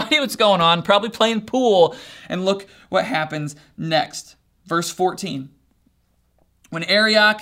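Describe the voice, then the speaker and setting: A man with a high, bright voice gives a relaxed, conversational sermon. He talks to the room like friends and keeps checking that they follow along. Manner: animated, conversational, often checks in with listeners. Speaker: preacher. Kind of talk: casual sermon retelling a Bible story.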